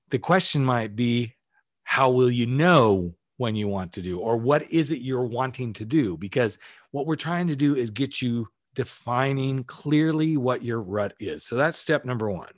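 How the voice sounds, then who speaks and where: A man's voice: medium pitch, measured pace, no echo. Casual coaching podcast man, dry sound. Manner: casual, coaching, lists steps, mild swearing. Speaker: podcast host, life coach. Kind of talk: solo podcast talk.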